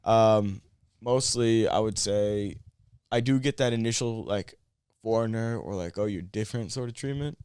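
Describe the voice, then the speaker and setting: A man's voice: lowish voice, normal speed, a little mellow, clear, resonant tone, dry recording, studio quality. A man raised in Japan, a podcast guest chatting in an easygoing way about his experiences. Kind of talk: casual chat.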